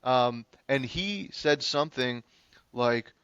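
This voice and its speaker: Bright-voiced man telling a wild story. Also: mid-range voice, clear, resonant tone, no room sound. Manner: animated, profane, fast-moving anecdote. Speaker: public defender. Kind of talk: casual podcast storytelling. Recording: slightly dull lo-fi sound.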